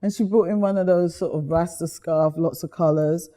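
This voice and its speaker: Lively woman guest, mellow tone, animated storytelling. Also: lowish voice, moderate pace. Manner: lively, chatty, slips into voices while telling stories.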